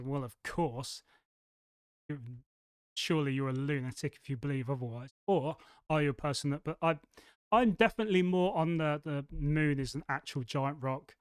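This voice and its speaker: A man from England co-hosting a podcast, telling stories in a rambling, animated way. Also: a little high, smooth, dry recording. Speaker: podcast co-host. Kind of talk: casual chat. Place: studio.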